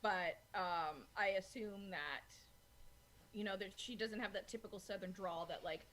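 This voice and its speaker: A woman's voice: medium pitch, unhurried, a bit bright, slight background noise. A woman co-hosting a film podcast, talking casually with many filler words. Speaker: podcast co-host.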